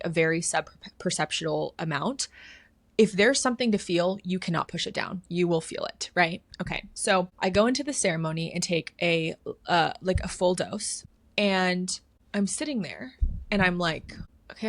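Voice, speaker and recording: Thirty-year-old woman, podcast guest; candid, chatty storyteller with a low pitch and a dry, close sound. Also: no room sound. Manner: candid, heavy use of "like", swears freely. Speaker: podcast guest, inner work coach. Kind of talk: casual personal storytelling.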